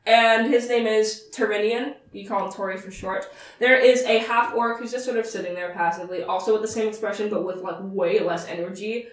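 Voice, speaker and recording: A woman's voice: mid-range voice, steady tone, fairly quick. A woman narrating a tabletop game as game master, chatty and rambling. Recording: roomy distant mic, faint noise.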